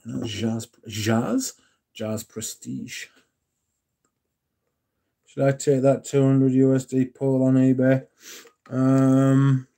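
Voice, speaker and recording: A man hosting a casual livestream, reading and answering chat in a relaxed, yawning way. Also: mid-range voice. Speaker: livestream host.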